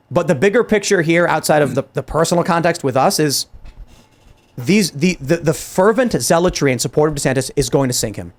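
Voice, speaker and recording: A man hosting a political talk show, speaking in an animated, exasperated way with many restarts and acted-out quotes. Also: on the high side. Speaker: podcast host. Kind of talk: heated political commentary.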